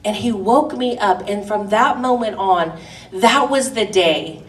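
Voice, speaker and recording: In a church hall, a middle-aged woman with a mid-range voice delivers a sermon to a women's gathering at a measured pace. She is passionate, building up to emphatic declarations, and the distant mic picks up the room's echo.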